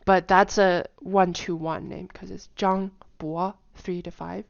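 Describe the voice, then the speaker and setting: A woman casually explaining tone patterns in a lesson, talking in a chatty way with lots of fillers and humming or singing syllables to show pitch. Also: level tone, takes it slowly, gravelly, no echo, lo-fi sound. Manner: chatty, many fillers, hums and sings tone patterns. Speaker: language teacher.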